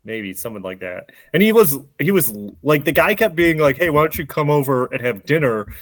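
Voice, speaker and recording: A man's voice: a little high, lively intonation, a little fast, dry recording. A man hosting a podcast, casually recapping a movie plot with lots of fillers and restarts. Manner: rambling, many fillers and restarts. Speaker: podcast host.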